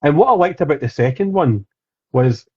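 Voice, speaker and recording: A man's voice: on the high side, lively intonation, normal speed, breathy edge. A man co-hosting a podcast, chatting casually, asking questions and swearing. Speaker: podcast co-host. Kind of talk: casual chat. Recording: dull lo-fi sound.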